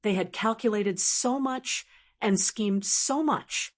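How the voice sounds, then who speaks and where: A woman narrating an audiobook with steady, even storytelling. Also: medium pitch, slow. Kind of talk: scripted narration.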